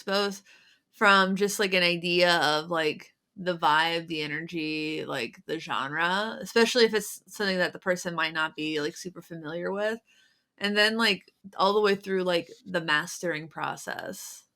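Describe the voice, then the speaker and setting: A woman co-hosting a music podcast in casual chat, frank and quick to laugh, giving blunt advice. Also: fairly low pitch, pushed and bright. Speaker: podcast co-host.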